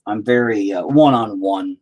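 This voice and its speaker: A man's voice: lowish voice, moderate pace, dull audio, background noise. A man talking casually to the camera in a joking, profane, sidetracked monologue while he paints. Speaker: video creator.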